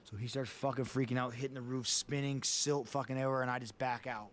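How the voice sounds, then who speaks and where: A man's voice: medium pitch, fairly even intonation, fast talker, fairly bright tone, slight background noise. Man, mid-range voice, talk show guest, casual storytelling, swears a lot. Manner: profane, vivid storyteller.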